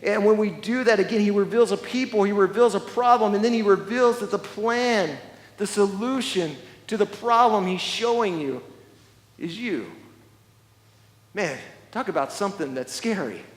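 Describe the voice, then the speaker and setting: A high-voiced pastor preaches a sermon at normal speed in a large, echoing church hall, pressing his points hard by doubling words and restarting phrases. Every line trails a long reverb.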